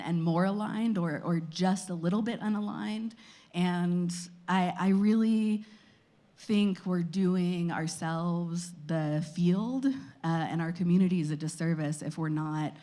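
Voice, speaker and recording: A woman on a panel, making a measured and thoughtful counterpoint. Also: fairly low pitch, mellow. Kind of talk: panel discussion.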